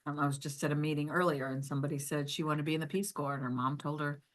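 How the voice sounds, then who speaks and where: A woman's voice: low voice, little pitch movement, racing, a crowd in the background. A woman hosting a podcast, chatting enthusiastically with her guest, with plenty of "like" and "um". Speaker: podcast host. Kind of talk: casual podcast interview.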